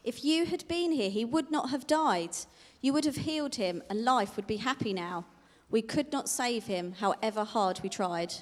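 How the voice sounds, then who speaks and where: A woman voicing grieving sisters who speak softly and reproachfully. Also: a little high, expressive, normal speed, few pauses, natural voice. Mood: sorrowful. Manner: tearful, reproachful, soft. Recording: distant, long hall reverb.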